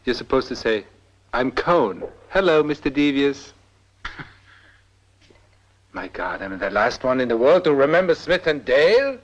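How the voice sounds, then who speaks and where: An actor playing a middle-aged industrialist in a film drama, mocking and irreverent, snapping orders in between jokes. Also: male voice, mid-range voice, very animated, a little slow, pauses often, muffled recording. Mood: commanding. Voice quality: wry and mocking, abruptly commanding. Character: sardonic, irreverent, paranoid rich old man. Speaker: rich industrialist.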